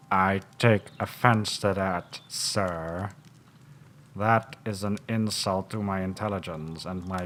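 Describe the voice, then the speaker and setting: A man's voice: deep voice, slight background noise. A man commentating a video game playthrough, making mocking jokes in a theatrical way. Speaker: gaming channel host. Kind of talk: let's play commentary.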